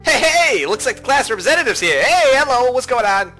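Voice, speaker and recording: Brief: loud, pushy schoolgirl in a game playthrough, very high and sharp, played by a man. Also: very animated, fairly quick, soft background music, exaggerated voice. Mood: loud greeting. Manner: brash, shouty, slangy. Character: loud pink-haired schoolgirl, hyper and pushy.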